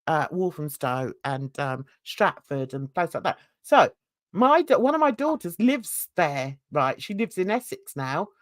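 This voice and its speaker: A woman's voice: low voice, sing-song, a little slow, no echo. An older woman from London, hosting a casual, opinionated and rambling chat. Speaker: host.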